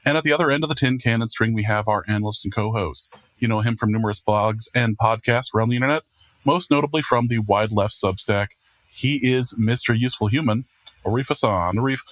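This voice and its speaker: A man's voice: mid-range voice, no echo. A man hosting a casual podcast, self-deprecating and rambling with restarts. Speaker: podcast host and producer. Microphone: podcast microphone.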